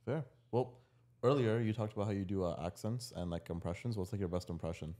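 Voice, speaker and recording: Co-host, Canadian man, low voice, fast, teasing and blunt. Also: mellow. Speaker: podcast co-host. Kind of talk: casual chat.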